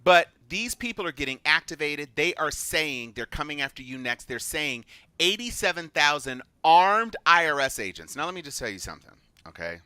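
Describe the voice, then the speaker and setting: A man's voice: a little high, moderate pace, smooth, no echo. A man co-hosting a political chat show, telling stories and acting out the people he quotes. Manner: animated storyteller, acts out quotes. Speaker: podcast co-host.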